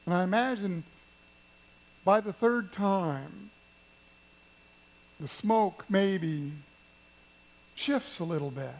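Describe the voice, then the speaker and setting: A pastor preaching a sermon at a church service, telling stories and addressing the congregation with emphasis. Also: male voice, high-pitched, lively intonation, slow, creaky, pauses often, low-quality recording. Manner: storytelling, emphatic, speaks to the congregation.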